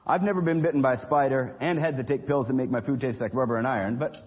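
A man's voice: medium pitch, fast, breathy edge, muffled recording. A man leading a children's church lesson, reading a storybook aloud expressively and encouraging the kids.

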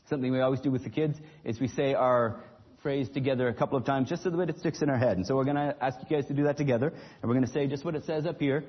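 A man's voice: medium pitch, racing, breathy edge, muffled recording. A man leading a children's church lesson, reading a storybook aloud expressively and encouraging the kids.

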